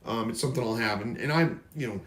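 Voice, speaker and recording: A man's voice: medium pitch, fast talker, fairly bright tone. A man from Missouri hosting a casual live stream, reading viewer questions aloud and answering in a rambling, folksy way. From Missouri, USA. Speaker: livestream host. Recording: roomy echo.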